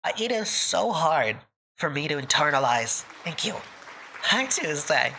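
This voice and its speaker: A woman talks casually to her live stream audience, thanking viewers by name. Her voice is bright and swings widely in pitch. She sounds emotional and close to tears, and laughs often. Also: big pitch swings, unhurried, husky, a faint crowd.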